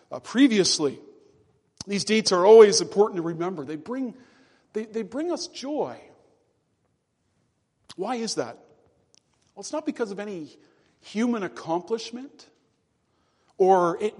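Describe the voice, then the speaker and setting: A man preaching a sermon as pastor to his congregation, with emphatic, drawn-out stresses on key words. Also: a little high. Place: church sanctuary. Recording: long reverb of a church hall.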